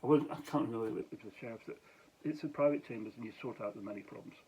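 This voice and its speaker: A man's voice: mid-range voice, very fast, mellow, slightly rough, low-quality recording. Tired Scottish man rambling late at night. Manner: meandering, many restarts and asides, chuckles. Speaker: vlogger, former police officer.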